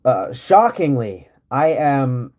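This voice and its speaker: A man's voice: medium pitch, sing-song, takes it slowly, a little mellow. A man chatting casually and rambling on a live stream from home, with lots of fillers and easy laughter. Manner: rambling, laid-back, laughs often, many fillers. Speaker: livestream host. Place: home in rural area.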